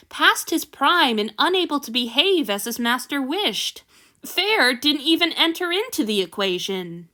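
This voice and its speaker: A woman's voice: high voice, sharp tone. A woman reading a fan story aloud, narrating and shifting her delivery for each character. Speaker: fanfiction reader.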